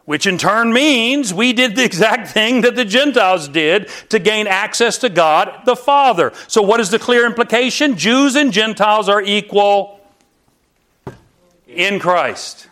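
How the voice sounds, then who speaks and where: A middle-aged male pastor preaching with a notably high voice and an unhurried, deliberate pace. He speaks emphatically and keeps turning to his listeners with rhetorical questions. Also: animated, fairly bright tone. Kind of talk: sermon.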